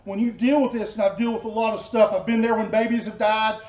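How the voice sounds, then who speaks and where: A man giving a personal testimony as a pastor, telling his story earnestly and dropping soft and low in tender moments. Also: little pitch movement, fast talker. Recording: echoey, dull room sound.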